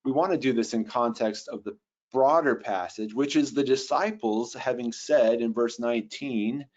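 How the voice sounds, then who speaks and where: A man's voice: medium pitch, lo-fi sound. Man teaching Greek in a webinar. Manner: careful, explanatory, reads Greek slowly. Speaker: Bible software trainer. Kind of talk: webinar lesson on translation.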